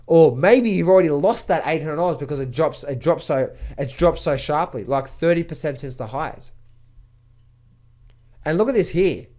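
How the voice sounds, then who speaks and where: A man, a trading coach, giving market commentary to camera in an emphatic way, often repeating words when excited. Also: on the high side.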